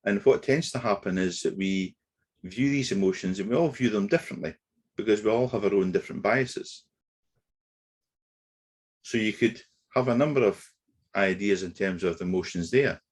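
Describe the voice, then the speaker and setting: A man giving a webinar lecture on negotiation, explaining in a measured way with occasional fillers. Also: on the low side, slightly rough. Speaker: negotiation trainer. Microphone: webinar computer mic.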